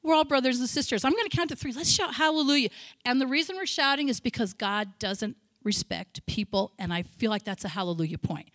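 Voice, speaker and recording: A woman missionary giving a sermon, telling stories with feeling, breaking into shouted praise and chatty asides. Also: on the high side, animated, a little fast, dry recording, clean studio sound. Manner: emotional storytelling, bursts into loud shouted praise; chatty, self-interrupting asides. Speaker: missionary speaker.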